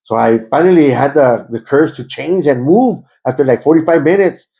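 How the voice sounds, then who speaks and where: A man's voice: on the high side, fairly quick, gravelly, warm tone, poor audio. A man telling his life story in an interview, emotional and repetitive, slipping into phrases. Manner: emotional, repetitive, switches into Spanish. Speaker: interviewee giving testimony. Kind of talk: conversational personal testimony.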